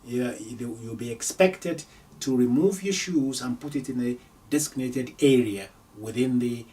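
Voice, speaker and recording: A man teaching an Arabic language lesson, repeating each phrase slowly for learners, with frequent hesitations. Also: medium pitch, dark tone, recorded from a distance. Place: lives in London.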